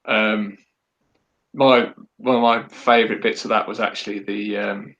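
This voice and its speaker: A man from England co-hosting a casual podcast, talking in a dry, measured way with hesitant ums. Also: on the low side, level tone, fairly bright tone, dull audio. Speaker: podcast co-host.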